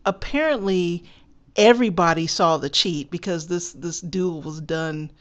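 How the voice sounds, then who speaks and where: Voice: medium pitch, measured pace. A co-host in a casual anime discussion who laughs often and chimes in with wry remarks. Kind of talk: casual chat.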